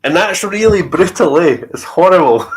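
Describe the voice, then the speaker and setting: A man with a Scottish accent tells personal stories in a casual chat, laughing often as he talks. His voice sits high and is animated, at a moderate pace, with slight background noise.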